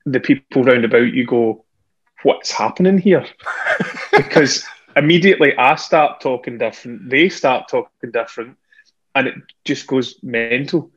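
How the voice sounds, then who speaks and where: A man's voice: mid-range voice, normal speed, fairly bright tone, breathy edge, highs cut off. A Scottish man, a singer, chatting as a guest from home over an earphone on a video call, self-deprecating and often laughing. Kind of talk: casual chat over a remote call. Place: at home indoors. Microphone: earphone headset on a video call.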